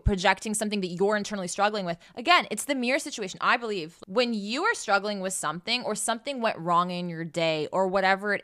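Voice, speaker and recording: A woman's voice: medium pitch, pushed and bright. Young woman, casual co-host chat, emphatic, opinionated, swears freely. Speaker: podcast co-host.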